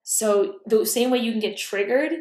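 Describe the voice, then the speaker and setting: A woman's voice: on the high side, steady tone, normal speed, darkish tone, roomy sound. A woman giving a casual, thoughtful self-help talk at home. She often corrects herself mid-sentence and sometimes drops her voice to a whisper. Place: room at home.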